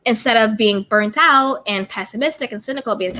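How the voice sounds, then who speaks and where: Bright upbeat woman streaming a pep talk. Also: a little high, a little fast, few pauses. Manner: upbeat, repeats affirmations, greets viewers warmly. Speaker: livestream host reading chat. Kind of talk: casual self-care pep talk.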